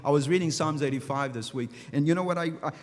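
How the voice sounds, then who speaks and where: A pastor with a slightly high voice preaches fast and impassioned, repeating phrases and restarting lines. The sermon echoes with the long reverb of a large church hall.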